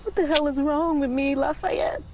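A woman's voice: high voice, moderate pace, a little hiss or hum, close to an everyday voice. An actress playing a despairing young woman in a TV drama clip, bitter and anguished.

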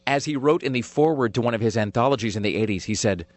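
A man's voice: medium pitch, very fast, no echo. A man hosting a radio talk show in casual, rambling banter, full of fillers and self-mocking jokes.

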